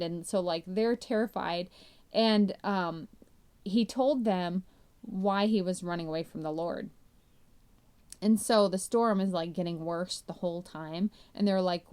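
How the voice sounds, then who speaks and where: Brief: a female podcast host, mid-pitched and conversational, with animated, filler-heavy storytelling. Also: unhurried, clean tone. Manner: chatty and animated, with frequent "like" fillers. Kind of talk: casual Bible storytelling.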